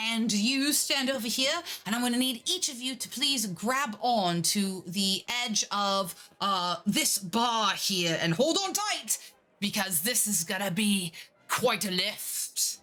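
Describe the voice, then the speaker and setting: A woman voicing a male carnival showman who calls out to a crowd in a showy, drawn-out way. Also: on the high side, expressive, pushed and bright, soft background music, exaggerated voice.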